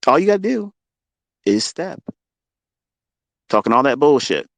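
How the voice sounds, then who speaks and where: A man's voice: fairly low pitch, animated, quick pace, long pauses, no room sound. Profane, combative man ranting. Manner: profane, confrontational, boastful. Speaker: trading mentor hosting a live audio room. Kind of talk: unscripted live audio rant.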